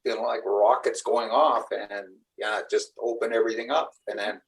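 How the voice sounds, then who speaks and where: A man's voice: on the low side, fairly even intonation, moderate pace, vocal fry, far from the mic, poor audio. A middle-aged man, a shaman and spiritual teacher, giving a rambling, earnest talk to a live group. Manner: rambling, earnest storytelling with acted-out quotes.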